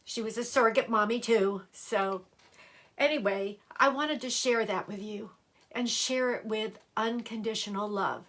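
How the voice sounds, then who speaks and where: A woman's voice: a little high, measured pace, fairly bright tone. An older woman chatting on a live stream as an astrologer, rambling a little and greeting viewers by name as she goes. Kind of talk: casual live-stream chat. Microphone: computer or phone live-stream mic.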